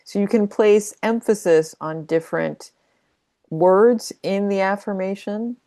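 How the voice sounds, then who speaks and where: A woman's voice: mid-range voice, unhurried, dark tone. A woman who is a creativity coach, talking through her advice in a reflective, conversational way and playing with emphasis. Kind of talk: casual teaching monologue.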